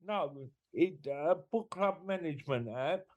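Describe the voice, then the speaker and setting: An English man co-hosting a podcast, explaining his ideas in a laid-back, unhurried way. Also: on the high side, animated, a little mellow, lo-fi sound. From Britain. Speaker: podcast co-host. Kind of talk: casual chat.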